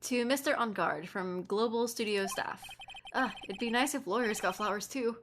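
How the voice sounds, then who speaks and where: A woman's voice: a little high, normal speed, a bit bright, slight background noise. A woman reading a dry, wry young male defense lawyer from a game in her own plain voice.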